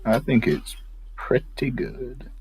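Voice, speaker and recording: A man's voice: medium pitch, sing-song, slow, darkish tone, husky, no echo. A man guesting on a casual reaction chat, full of joking, sarcastic banter. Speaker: guest co-host.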